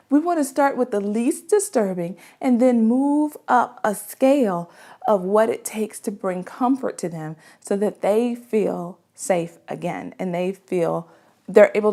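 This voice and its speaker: A woman's voice: medium pitch, mellow. A woman, a mother, giving parenting advice in an earnest, conversational way, often checking in with the listener. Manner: earnest and conversational, with frequent "right?" asides. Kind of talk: casual advice talk.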